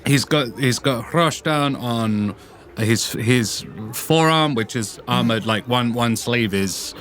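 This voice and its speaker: A man's voice: mid-range voice, slow pace, a bit bright. A man playing in a tabletop role-playing game, speaking casually and stumbling over and repeating his words. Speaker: player.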